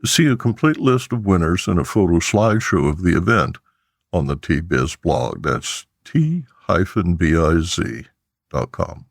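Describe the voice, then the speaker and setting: A man reads scripted news headlines in a measured, even newsreader manner. His voice sits low, and the recording is dry with no room sound. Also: creaky, no echo. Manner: measured, steady newsreader delivery. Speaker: news podcast host.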